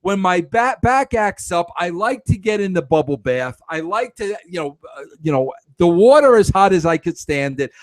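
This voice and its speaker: A middle-aged man hosting a podcast, telling a story in an animated, self-mocking way with stammering restarts. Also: sits high, normal speed, dry recording. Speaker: podcast host. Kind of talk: casual storytelling monologue.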